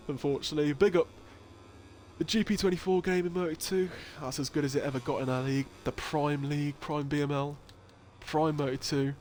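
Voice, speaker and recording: A man's voice: on the high side, slight background noise. Chatty man streaming a race. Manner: chatty, laughs often, swears, reads chat aloud. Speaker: league stream host and commentator. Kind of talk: casual live-stream commentary.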